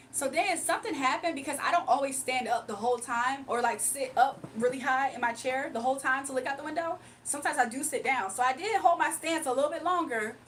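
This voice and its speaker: Young woman streamer, high-pitched, chatty animated storyteller, casual asides to the chat. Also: far from the mic, slight background noise, poor audio. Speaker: livestreamer.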